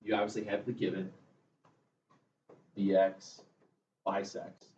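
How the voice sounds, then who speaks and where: A man's voice: a little high, normal speed. Guy teaching a math class, bouncy voice, kinda muffled, faint room hum behind. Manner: lively, chatty, drifts into jokey asides. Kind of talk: classroom lecture. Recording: echoey classroom, mic far off, muffled, faint room noise.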